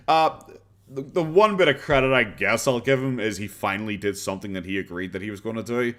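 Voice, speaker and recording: A man's voice: lowish voice, lively intonation, fast, a bit bright. An Irish man streaming live, chatting casually and reading out viewer comments in a rambling, self-interrupting way, often laughing. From Ireland.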